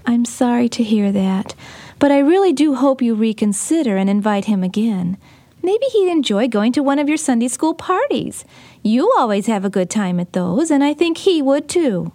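Actress as a caring mom, patient and gently teaching, lively higher voice, radio play. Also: female voice, normal speed. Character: caring mother, patient and wise. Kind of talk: radio drama acting.

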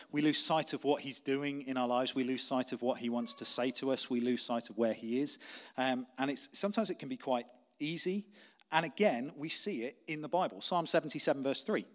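A young adult man preaching a sermon as pastor, conversational and story-driven, dropping to a quiet, intense tone for key points. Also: medium pitch.

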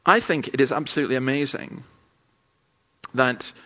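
A man preaches a sermon at a church camp, talking through stories with a chatty, aside-filled manner. His voice sits at an ordinary middle pitch. The recording sounds dull and muffled, like a modest lo-fi capture of the talk. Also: moderate pace, bright, forceful tone. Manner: conversational storytelling with asides.

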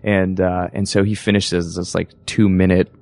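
A young man, an actor guest, telling animated stories with many restarts in a casual interview. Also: low voice, moderate pace, vocal fry. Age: young adult. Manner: animated anecdote teller, frequent restarts.

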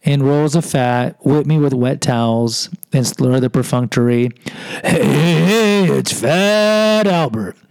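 A man's voice: a little high, warm tone, clear, resonant tone, dry recording, poor audio. A man from Houston, a podcast host, telling a personal story in a self-deprecating way and acting out what people said. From Houston, Texas. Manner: self-deprecating, acts out quoted voices.

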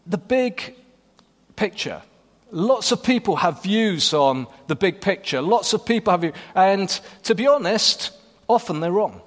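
A man's voice: high voice, animated, measured pace. Man preaching in a reverberant hall. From Wales. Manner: conversational, many fillers and restarts. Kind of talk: sermon with scripture reading.

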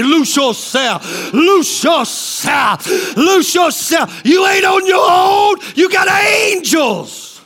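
High-pitched shouting male preacher. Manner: hollering, call-and-response preaching with laughs; shouts short repeated commands. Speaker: pastor. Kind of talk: shouted charismatic sermon.

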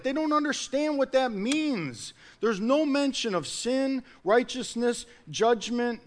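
A man preaching a sermon in an earnest manner, building to loud emphatic peaks and then dropping low.

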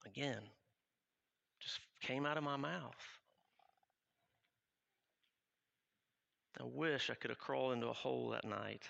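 A guilt-stricken apostle, as a man acts him out speaks in a confessional first-person monologue. His voice is bright and edged, with a gravelly fry beneath the words. He halts and restarts, urgent and raw. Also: medium pitch, highs cut off. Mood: panicked. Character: remorseful male apostle recounting his denial.

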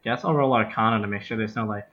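A man's voice: fairly low pitch, fast, a bit bright. A man playing a tabletop game, speaking offhandedly and matter-of-fact. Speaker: player. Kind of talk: casual game chat. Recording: dull lo-fi mic.

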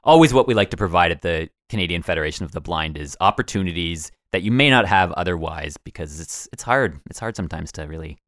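Man, very low voice, dry close sound, relaxed co-host chat. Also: fast, few pauses, dry recording. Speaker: podcast co-host. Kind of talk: casual recap chat.

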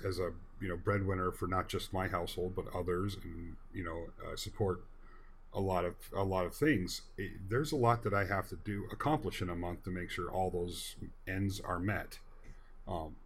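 A man's voice: low voice, slight background noise. A man in a casual discussion, speaking in an earnest, folksy and rambling way.

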